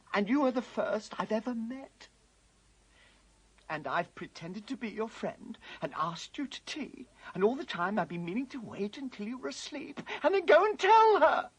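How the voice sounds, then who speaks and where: A woman's voice: mid-range voice, husky, low-quality recording. A woman voicing Mr Tumnus, a tearful guilty fawn. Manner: anxious, stammering, breaking into sobs.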